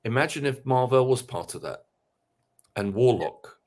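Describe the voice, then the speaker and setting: A man co-hosting a casual podcast chat, speaking hesitantly, with many halting restarts. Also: medium pitch, lively intonation, darkish tone. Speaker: podcast co-host.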